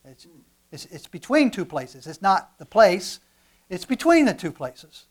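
Animated male pastor preaching a sermon. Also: high-pitched, unhurried. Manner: animated, swings from quiet to loud emphasis; repeats words when restarting.

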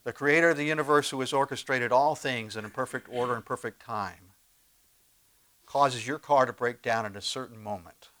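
Animated preacher man, rising and falling. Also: medium pitch, normal speed. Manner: animated preaching with big swings in loudness and pace; conversational asides and rhetorical questions. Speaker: pastor. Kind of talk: sermon.

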